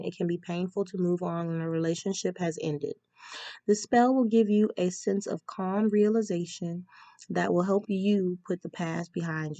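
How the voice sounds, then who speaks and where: A woman's voice: medium pitch, vocal fry, dark tone, no room sound. A woman giving a casual tarot reading, chatty and reading spell instructions aloud with frequent ums. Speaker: tarot reader.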